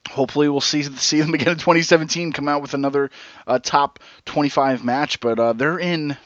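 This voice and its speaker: A man's voice: a little high, fairly even intonation, fairly quick, a bit bright, dry recording. Rambling man co-hosting a podcast. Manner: rambling, loses his thread, many restarts. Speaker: podcast co-host. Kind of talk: casual podcast chat. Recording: dull, dry lo-fi recording.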